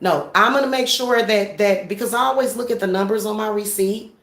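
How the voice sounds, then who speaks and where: A woman's voice: medium pitch, fairly quick, fairly bright tone, reverberant. Blunt, profane woman ranting at home. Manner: blunt, profane, laughing, talks straight to viewers. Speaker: spiritual practitioner vlogger. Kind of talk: casual ranting vlog.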